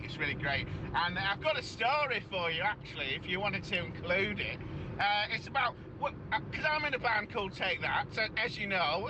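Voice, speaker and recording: A man's voice: sits high, noisy background. A man imitating a male pop singer leaving a rambling, hesitant voicemail.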